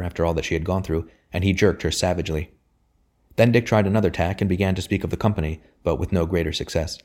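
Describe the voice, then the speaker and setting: A man reads a historical novel aloud as an audiobook narrator. His voice sits very low and he moves through the text quickly. The reading is steady and measured. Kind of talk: scripted narration.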